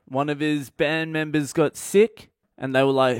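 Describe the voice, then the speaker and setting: A man with an Australian accent doing a comic storytelling monologue, blunt and profane with a deadpan delivery. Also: mid-range voice, normal speed, hardly any pauses, smooth, no echo, clean studio sound. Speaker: stand-up comedian.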